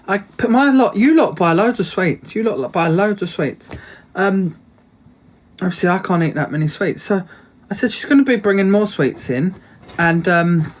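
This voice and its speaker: A young man, telling a rambling, indignant story to his viewers in a casual vlog, full of fillers and "I said" asides. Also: high-pitched. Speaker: vlogger.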